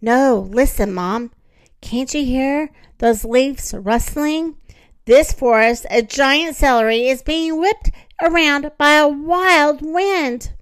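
A woman voicing a frightened little boy who plays a brave knight, crying out in high excited shouts. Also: slow, dry recording. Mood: scared. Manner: high excited cries and sneezes.

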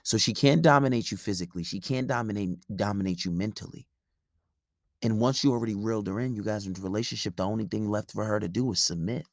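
A man's voice: lowish voice, fast talker, dry recording, clean studio sound. A man hosting a podcast, delivering a dating-advice monologue in a preachy, emphatic, profane way, repeating his points. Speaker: podcast host.

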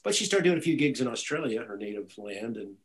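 A man's voice: mid-range voice, fast, poor audio. A man, a guitarist and music director, telling stories in a casual interview with many restarts. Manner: rambling, animated storytelling with many restarts.

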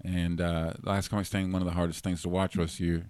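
A man, a guest comedian, telling rambling, halting anecdotes in casual chat on a podcast. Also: low-pitched, level tone, darkish tone, clear, resonant tone, no echo.

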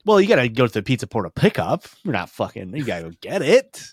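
Podcast co-host, male, mid-pitched, dry close sound; rambling, profane comic delivery. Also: huge pitch swings, quick pace, slightly rough, dry recording. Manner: rambling, profane, laughing at own jokes. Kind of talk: casual comedic chat.

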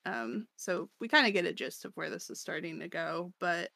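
This woman co-hosts a podcast, laughing and using plenty of fillers as she casually goes over chapters. She speaks at a moderate pace in a lowish, bright, forceful voice with vocal fry, in a dry, clean studio recording.

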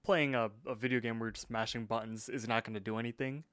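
A man's voice: medium pitch, fairly even intonation, quick pace, fairly bright tone. A man co-hosting a casual podcast, recapping a cartoon with lots of fillers and easy laughter. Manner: laughs easily, filler-heavy. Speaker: podcast co-host.

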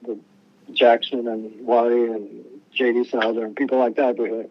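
The muffled recording captures a man, a musician being interviewed, speaking at a moderate pace in a mid-range, level voice. His casual stories wander, with frequent restarts and acted-out quoted voices.

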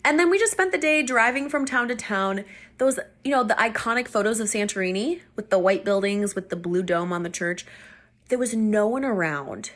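Animated chatty woman storyteller. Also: mid-range voice, normal speed. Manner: chatty and animated, laughing often. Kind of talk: casual storytelling.

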